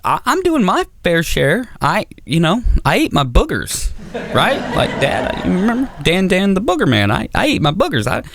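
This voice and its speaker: A man's voice: sits high, huge pitch swings, normal speed, vocal fry, background noise, voice pushed up, exaggerated voice. A man voicing himself as a small boy, stammering and whimpering as he pleads with his father. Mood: pleading. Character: his childhood self, a stuttering weepy little boy.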